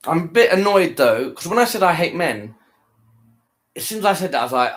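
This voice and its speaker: Man, exhausted, rambling, repeats himself, slightly high voice, casual chat to viewers. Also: big pitch swings, brisk, long pauses, a bit bright. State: tired, worn out. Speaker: live streamer. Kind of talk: casual chat to viewers after a live stream.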